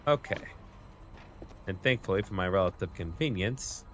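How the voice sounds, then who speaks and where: A man with a fairly low voice gives live commentary while he plays a game. He talks in a relaxed way and half mutters to himself as he goes. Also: moderate pace, a little hiss or hum. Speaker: streamer.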